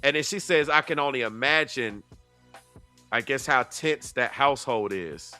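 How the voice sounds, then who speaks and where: A man's voice: mid-range voice, normal speed, sharp tone, soft background music. A man giving heated reaction commentary, confrontational and full of rhetorical questions. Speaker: YouTube commentator.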